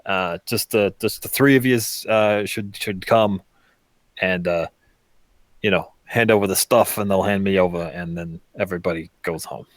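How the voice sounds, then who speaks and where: A man's voice: deep voice, moderate pace, no room sound, natural voice. A man voicing a nervous young captive on the phone, stammering and full of fillers. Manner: stammering, filler-heavy, anxious.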